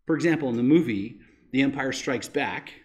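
A man's voice: medium pitch, a little fast, darkish tone. A male pastor preaching a sermon in a conversational way, often checking in with rhetorical questions.

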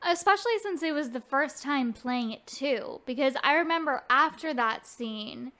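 A young woman chatting casually about video games, relaxed and full of fillers. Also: high-pitched, normal speed. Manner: relaxed, filler-heavy, drawn out.

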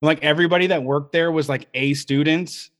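A man co-hosting a casual livestream talk show, sardonic and animated. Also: fairly high pitch, brisk. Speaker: podcast co-host.

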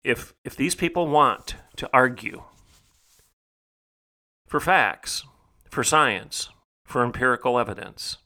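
A middle-aged man hosts his podcast in a preaching monologue. His voice is bright and forceful, sitting at an ordinary pitch for a man. He talks emphatically and rhetorically, repeating phrases to drive each point home. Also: lively intonation, slow pace, pauses often. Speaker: podcast host.

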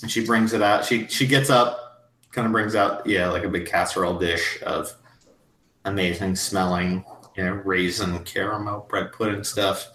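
A man's voice: low voice, steady tone, moderate pace, fairly bright tone, far from the mic. Man narrating a tabletop game. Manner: loose, rambling narration. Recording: roomy echo.

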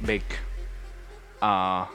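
A young man with non-native English and a North American tinge rambles through a casual vlog, slangy and laughing to himself. His voice sits low and unhurried, drawn out at a slow pace. Faint music plays behind him on a home microphone. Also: little pitch movement, pushed and bright. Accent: non-native English with North American touches. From small industrial town in a former communist country. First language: not English. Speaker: vlogger. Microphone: new home microphone.

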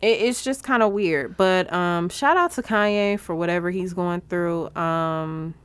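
A woman co-hosting a podcast, talking blunt and animated in casual chat with slang and swearing. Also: fairly low pitch, measured pace, smooth. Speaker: podcast co-host.

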